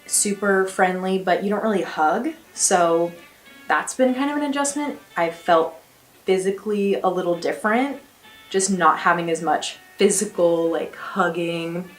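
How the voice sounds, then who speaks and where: A young woman from the United States chatting casually and cheerfully to her camera in a small attic bedroom, with quick laughs. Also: fairly low pitch, echoey room, faint music behind. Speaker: exchange student vlogger. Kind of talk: casual vlog chat. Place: small attic bedroom with slanted ceiling and beams.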